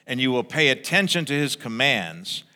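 A man preaching a sermon as pastor, animated, acting out a grumbling crowd in raised voices. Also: medium pitch, moderate pace, long reverb tail.

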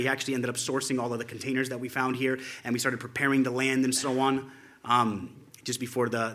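A man's voice: mid-range voice, a bit bright. A man giving an informal tribute to friends while showing a photo slideshow, telling loose stories and chuckling often.

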